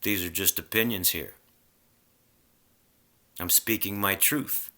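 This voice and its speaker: A man's voice: sits low, takes it slowly, bright, forceful tone. A man in a casual spiritual rant, heated and preachy, swearing freely.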